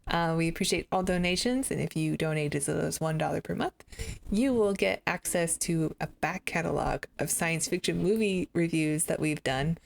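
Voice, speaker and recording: An American woman co-hosts a relaxed TV review, talking in halting bursts full of ums and dry remarks. Her voice sits on the low side with plenty of gravelly vocal fry. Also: slight background noise. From United States. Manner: hesitant, many fillers, wry. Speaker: co-host of a TV review show. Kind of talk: casual chat.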